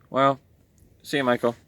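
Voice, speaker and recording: A man with a mid-range, slightly bright voice plays a jittery male robot clown who's scared of storms. He sighs and whines as he talks, easily frightened.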